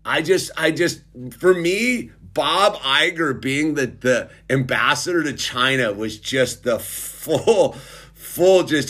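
A middle-aged man with a slightly raised pitch rants casually and sarcastically. He rambles, trips over his words and restarts sentences. He keeps calling the listener "dude". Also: lively intonation, slow pace, sharp tone, breathy edge. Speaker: commentator. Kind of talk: casual ranting monologue.

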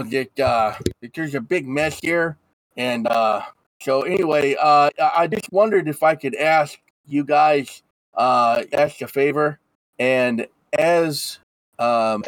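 A man's voice: mid-range voice, no room sound, low-quality recording. A man narrating as game master of a tabletop game, rambling with many restarts.

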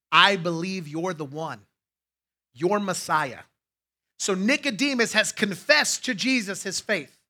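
Man, pastor, sermon, high voice, bright tone, chatty asides to the congregation. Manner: conversational preaching with asides to the congregation.

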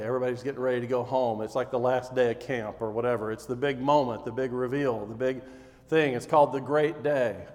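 A man preaching a sermon, retelling scripture as lively storytelling and acting out scenes with rising intensity. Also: medium pitch. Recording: long hall reverb.

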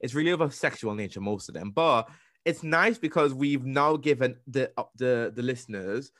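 A young man co-hosting a podcast, chatting in a lively way, acting out what people said and restarting his sentences. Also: medium pitch, normal speed, no echo, studio quality. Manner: animated storytelling, acting out quotes with restarts. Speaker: podcast co-host. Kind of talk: casual interview chat.

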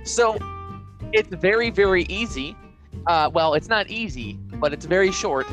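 A man's voice: high voice, expressive, measured pace, a bit bright, soft background music. A man co-hosting a casual podcast, rambling and self-mocking as he leads a brain teaser. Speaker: podcast co-host.

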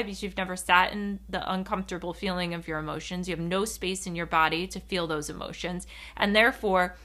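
Bright-voiced woman podcast host. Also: mid-range voice. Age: adult. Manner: animated, rambling, giggles when uncomfortable. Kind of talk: solo podcast monologue.

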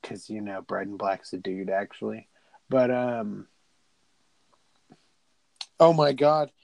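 A young man in casual podcast chat, retelling a horror movie with profanity, rambling asides and quick character voices. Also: fairly low pitch, gravelly, darkish tone, no echo, poor audio. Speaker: podcast co-host.

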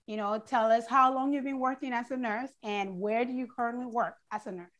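This is an effusive woman hosting a casual chat show. Her voice sits a little high. She bubbles over with excitement and keeps repeating her praise. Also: fairly quick. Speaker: show host.

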